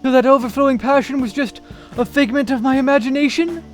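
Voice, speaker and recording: A man voicing a pompous young artist, very high. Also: fairly even intonation, quick pace, soft background music. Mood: pensive. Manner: theatrical, flowery formal speech. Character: pompous young male artist, grandiose and dreamy. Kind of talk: reading game dialogue aloud on stream.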